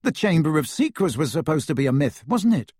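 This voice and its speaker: A man's voice: a little high, sing-song, fairly quick, darkish tone, husky, no room sound, studio quality. A man reading aloud voices a blunt, easygoing teenage boy wizard who argues casually. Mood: casual, arguing.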